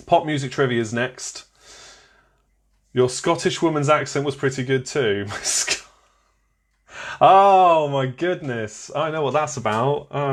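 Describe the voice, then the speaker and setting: A man hosting a live online quiz, chatting, reading out scores and viewers' comments and laughing often. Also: fairly low pitch. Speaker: quiz host.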